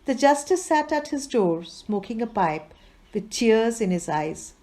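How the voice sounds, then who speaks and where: A woman's voice: fairly high pitch, sing-song, measured pace, a little mellow. A woman reading a classic fairy tale aloud, expressively voicing its characters. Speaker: reader. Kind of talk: storybook reading.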